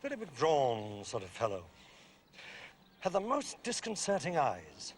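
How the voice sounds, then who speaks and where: A wry older barrister. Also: male voice, mid-range voice, huge pitch swings, measured pace, a little hiss or hum. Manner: drawling, wry, clipped. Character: dry, worldly older barrister, wry and gossipy. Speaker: senior lawyer.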